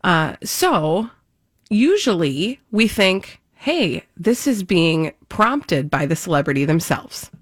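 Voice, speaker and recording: A woman co-hosting a chat podcast with a somewhat low voice, talking in a chatty, knowing way. She sounds confident. The recording is dry and close. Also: very animated, slow, dry recording. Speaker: podcast co-host. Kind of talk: casual chat.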